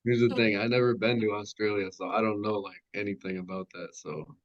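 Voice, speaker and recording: A man's voice: lowish voice, flat delivery, fairly quick, no room sound, lo-fi sound. A teenage boy, a hesitant and modest podcast guest. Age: teens. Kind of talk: casual interview chat.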